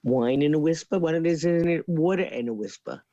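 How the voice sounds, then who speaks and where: A woman's voice: low voice, expressive, moderate pace, muffled recording, crowd noise. A middle-aged woman chatting casually as co-host, making dry, teasing wisecracks. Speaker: co-host, host's mother. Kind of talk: casual chat.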